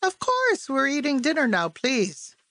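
A woman's voice: high-pitched, huge pitch swings, a little slow, bright, forceful tone, dry recording, studio quality, voice pushed up, full character voice. A woman doing a surly, guarded father. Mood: curt. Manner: curt, evasive, brushing people off. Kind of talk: audiobook character voice.

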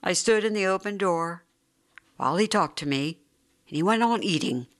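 Brief: measured, dryly ironic audiobook narrator with a mid-pitched voice. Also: lively intonation, a bit bright. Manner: wry, measured storytelling. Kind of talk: scripted narration.

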